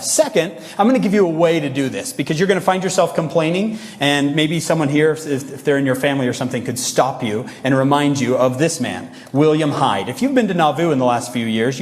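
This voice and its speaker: A man giving a humorous, lively devotional talk to young people, joking with the audience. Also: a little high, long reverb tail. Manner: humorous, playful, mimics whiny voices. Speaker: youth speaker. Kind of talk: energetic devotional talk to youth.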